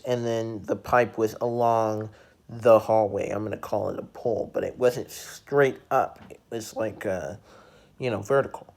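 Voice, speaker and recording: Halting young storytime vlogger. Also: mid-range voice, darkish tone. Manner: halting, many fillers and restarts, laughs at own story. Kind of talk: casual storytelling.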